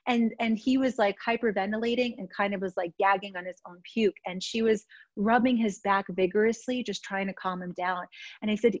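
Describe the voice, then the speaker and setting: A woman's voice: mid-range voice, steady tone, brisk, no room sound. A woman from New York, a stress coach, casually and frankly teaching self-soothing techniques over a video call. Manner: casual, frank, demonstrates moves while talking. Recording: dry, slightly dull sound.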